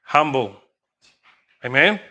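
A man's voice: medium pitch, lively intonation, slow pace, bright, forceful tone. An older man preaching a sermon earnestly, often asking the congregation "amen?".

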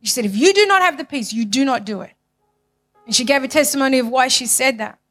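A high-pitched woman delivers a passionate sermon testimony, hammering phrases again and again. Her voice swings from loud, pushed lines down to hushed ones. Soft music plays faintly behind her. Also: expressive, fast. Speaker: church speaker giving testimony.

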